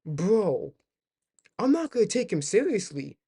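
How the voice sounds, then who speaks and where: A man's voice: high-pitched, sing-song, unhurried, warm tone, breathy edge. A young man streaming a reaction video, ranting and swearing, often repeating himself. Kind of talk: livestream reaction commentary.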